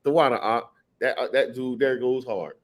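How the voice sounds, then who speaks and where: A man leading an informal scripture study speaks with a mid-range, everyday voice. He chats in a loose, offhand way and reads verses slowly and with weight. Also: mid-range voice. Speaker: Bible teacher. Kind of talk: casual scripture study talk.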